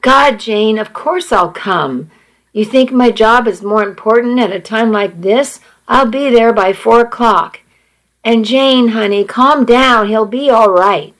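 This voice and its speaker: Worried dad, shaky voice, kinda slow, woman doing him in a story. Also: high-pitched, a bit bright. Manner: strained, shaky. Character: anxious husband and father, shaken.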